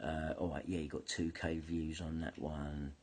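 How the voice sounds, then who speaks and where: Husky angry man ranting. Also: extremely low pitch, little pitch movement, normal speed, a little mellow. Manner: swearing heavily, combative, repeats himself. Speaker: online video commentator. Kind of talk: angry ranting monologue to camera.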